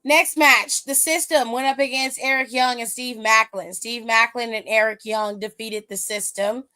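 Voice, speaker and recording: A woman's voice: a little high, steady tone, normal speed, bright, forceful tone. A woman hosting a wrestling aftershow, recapping matches in a blunt, sassy, casual way full of slang.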